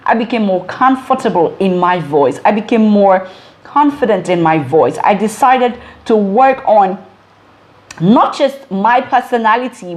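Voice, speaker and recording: A woman in her forties speaks to camera as a communication coach. She stresses her points by stacking short repeated phrases. Her voice sits at a medium pitch. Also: a little mellow. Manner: emphatic, list-like repetition of phrases. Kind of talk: direct-to-camera advice talk.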